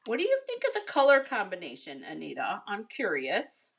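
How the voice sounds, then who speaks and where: A woman's voice: mid-range voice, wildly swooping pitch, moderate pace, gravelly. An American woman chatting casually with viewers as she demonstrates a card-making project, calling them "you guys" and "honey.". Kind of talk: casual craft tutorial.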